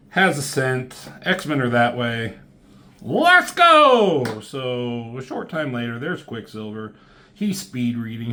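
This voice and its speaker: A man giving a casual, rambling comic book review, swearing freely and filling pauses with "um". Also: mid-range voice. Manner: rambling, profane, lots of fillers.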